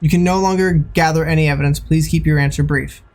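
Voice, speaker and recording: An excitable gaming video host giving joking casual commentary. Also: medium pitch, fast talker.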